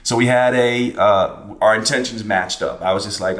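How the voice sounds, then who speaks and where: A man's voice: lowish voice, normal speed, fairly bright tone, echoey room. A man hosting a podcast, telling a personal story in a casual, reflective way with plenty of fillers and restarts. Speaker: podcast host.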